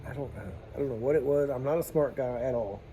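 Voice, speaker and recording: A man telling a plumbing job story in a casual vlog, animated and swearing freely as he talks to his viewers. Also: mid-range voice, quick pace, faint music behind.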